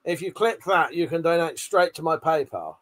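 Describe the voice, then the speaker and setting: A high-pitched man hosts a casual live stream, his voice bright and forceful. He answers chat in a brash, profane, teasing way and laughs often. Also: animated, normal speed.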